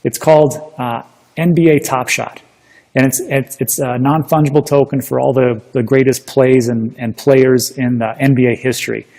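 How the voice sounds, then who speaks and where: A man giving a chatty, energetic recap of a seminar in casual commentary, often restarting his sentences. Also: medium pitch, moderate pace. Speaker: crypto investing YouTuber. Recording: long reverb.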